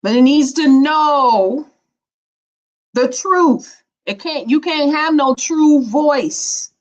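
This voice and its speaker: A woman's voice: high voice, drawn-out words. A woman, giving a spiritual teaching talk in a playful, preachy, colloquial way. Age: 50s. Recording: dull lo-fi recording.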